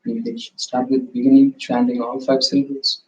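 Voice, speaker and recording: Man, yoga teacher, gentle guided meditation, slow calm delivery, muffled, dull livestream audio. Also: medium pitch, reverberant.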